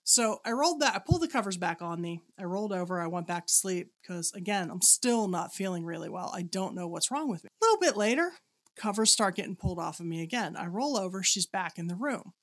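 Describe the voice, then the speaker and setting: A woman's voice: fairly low pitch, animated, fast talker. A woman co-hosting a casual podcast chat, animatedly telling a spooky story and acting out the dialogue. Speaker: podcast co-host.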